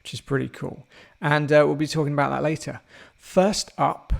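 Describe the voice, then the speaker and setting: Male co-host, slightly high voice, gravelly fry, laughs easily. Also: steady tone, moderate pace. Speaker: podcast co-host. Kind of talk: casual chat.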